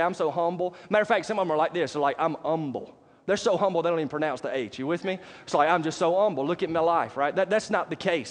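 A pastor with a high, light voice preaches to his congregation. He keeps it conversational and calls for "amen" back from the pews. Long reverb from a large church hall follows his words. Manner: conversational, call-and-response with congregation. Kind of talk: sermon.

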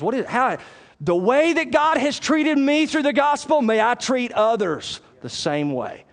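A male pastor preaching a sermon, conversational and plain-spoken, moving between loud emphatic stretches and quiet asides. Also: fairly high pitch.

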